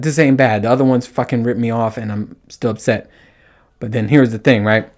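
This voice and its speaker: A man in the middle of his voice range, talking alone into the mic as a podcast host. He tells his story loosely and with lots of swearing, animated and prone to laughing at himself. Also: mid-range voice. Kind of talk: casual solo podcast monologue.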